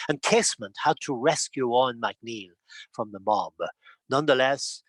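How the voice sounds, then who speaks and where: A man's voice: medium pitch, normal speed, no echo. A man giving a history lecture over a video call, telling it as a story with frequent asides, fillers and restarts. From Ireland.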